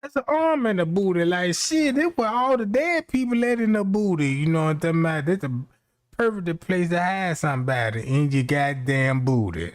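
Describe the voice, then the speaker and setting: This time the streamer sounds higher-pitched and animated at a moderate pace. He rants casually with profane jokes, wandering off track and putting on quoted voices in a comedic style.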